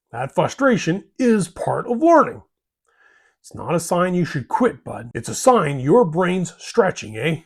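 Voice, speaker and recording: A man's voice: a little high, darkish tone, husky. A man hosting a hobby channel, delivering a scripted monologue in a folksy way, ending lines with "eh?" and "bud".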